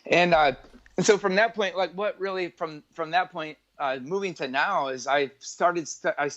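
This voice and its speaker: A man's voice: fairly high pitch, moderate pace, a bit bright. Rambling man telling his story, dull recording. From northwest Indiana, USA. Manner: rambling, with frequent filler words and self-corrections. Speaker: entrepreneur, interview guest. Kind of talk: conversational storytelling in an interview.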